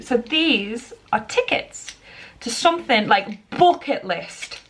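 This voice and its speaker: A woman in her thirties from England, talking casually to camera at home in a daily vlog, chatty and excitable, often restarting her sentences. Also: high-pitched, unhurried, a little hiss or hum. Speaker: vlogger. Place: cold living room at home.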